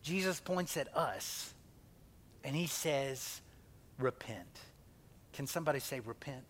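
A man's voice: mid-range voice, animated, slow pace, fairly bright tone, a little hiss or hum. A male pastor preaching a conversational sermon, asking the congregation questions and acting out quotes.

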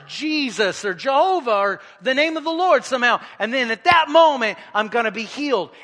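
High, bright preacher in a reverberant hall. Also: male voice. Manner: animated, acts out scripture with the congregation. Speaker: pastor. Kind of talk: sermon. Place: church hall.

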